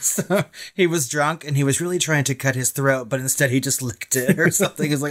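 A man's voice: a little high, normal speed. Guy cohosting a film podcast, chatty, laughs a lot, says i mean a bunch. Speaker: podcast co-host. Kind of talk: casual film discussion.

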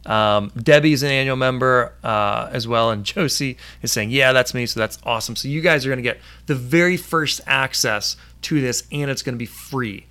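An upbeat man hosts a casual live stream, chatting loosely with plenty of fillers. His voice is bright and forward, and he reads viewer comments aloud as he goes. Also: medium pitch, normal speed, few pauses.

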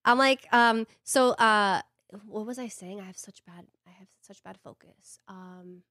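Unhurried and medium in pitch, a young New York–accented woman rambles through casual conversation with animation and frequent fillers. The studio-quality recording carries no echo.

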